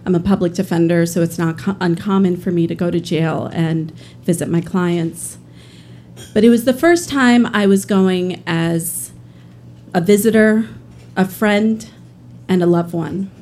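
A woman, a public defender, telling a personal story live in an earnest way, pausing often with fillers. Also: fairly low pitch, a little mellow, slight background noise. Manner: earnest, pauses with frequent fillers.

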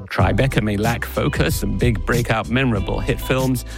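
A man delivering a measured, clearly narrated broadcast news report. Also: medium pitch, music in the background.

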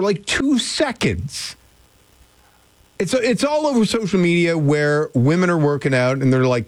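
A man's voice: a little high, dry recording. A man hosting talk radio, chatty and opinionated. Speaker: radio host. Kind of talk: casual talk radio chat. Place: radio studio.

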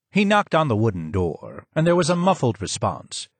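Male audiobook narrator, measured, mid-pitched, dry studio sound. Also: no echo. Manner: steady, measured storytelling. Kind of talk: scripted first-person narration.

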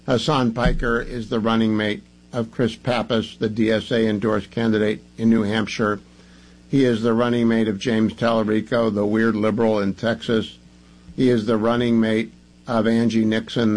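A man's voice: medium pitch, slightly rough, rough recording. A man hosting a talk radio show, delivering emphatic, combative commentary and hammering points through repetition.

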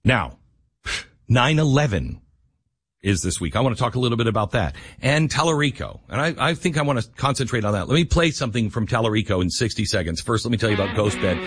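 Husky heated talk radio host. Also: male voice, expressive, fast, no room sound. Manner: heated, rising to near-yelling then dropping low. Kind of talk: impassioned political talk radio monologue.

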